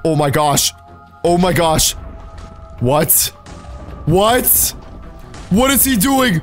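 A man with a notably high voice gives gameplay commentary, excitable and full of sudden exclamations. Faint music plays softly underneath him. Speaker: Minecraft YouTuber.

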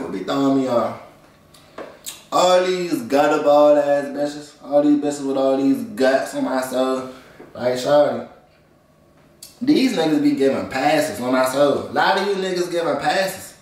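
A man's voice: medium pitch, measured pace, distant mic. Young man ranting in an echoey room. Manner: profane, rambling slang-heavy rant. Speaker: host. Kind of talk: comedic rant. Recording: echoey room, voice away from mic.

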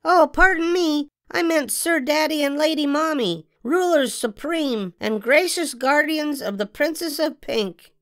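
Woman doing a dramatic little girl, high and dry. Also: measured pace, fairly bright tone, dry recording. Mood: playful. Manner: theatrical, sing-song and dramatic. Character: excitable little girl with a big imagination.

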